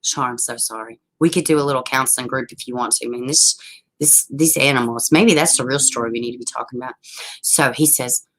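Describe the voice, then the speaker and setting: A woman hosting a casual livestream, telling a story in a lively, profane way with a lot of laughing, and answering viewer comments as she goes. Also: a bass voice, fast, rough recording. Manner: animated, profane, laughing often. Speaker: livestream host.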